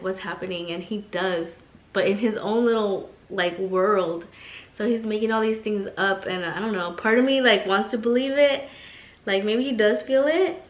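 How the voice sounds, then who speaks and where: A woman's voice: mid-range voice, a bit bright. A young pregnant woman chatting casually in a vlog, telling stories full of "like" fillers. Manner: chatty, storytelling, many "like" fillers. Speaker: vlogger. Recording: echoey room.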